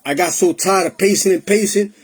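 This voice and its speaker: Husky-voiced man telling his testimony. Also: high voice, fairly quick. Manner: emotional, streetwise, mixes Spanish into English. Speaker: testimony speaker. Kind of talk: personal testimony storytelling.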